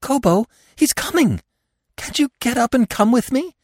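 A man voicing a gentle young female deer who pleads in a trembling whisper. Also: very high voice, sing-song, moderate pace, no echo, clean studio sound, voice pushed up, heavily acted. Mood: frantic.

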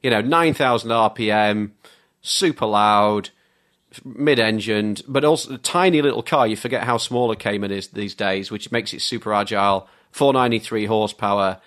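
A man's voice: lowish voice, moderate pace, a bit bright. A man, a car journalist, chatting as a podcast guest in an enthusiastic, rambling storytelling way. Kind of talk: casual podcast chat.

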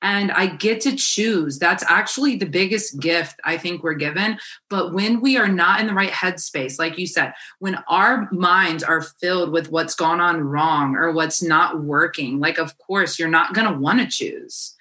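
Woman, life coach guest, lowish pitch, bright forceful tone, emphatic, encouraging. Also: unhurried. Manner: emphatic, encouraging, blunt with casual swearing. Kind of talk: casual podcast conversation.

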